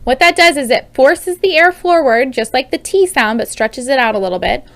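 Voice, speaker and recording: A woman's voice: high voice, animated, normal speed, a bit bright. A woman in her thirties teaching parents how to help children with speech sounds, in an upbeat, demonstrative way. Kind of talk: instructional video.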